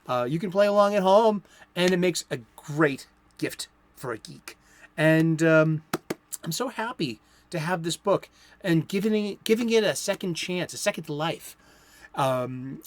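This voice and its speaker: A man's voice: on the high side, measured pace. A man hosting a show, talking casually and enthusiastically, with frequent fillers. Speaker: host. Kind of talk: casual chat.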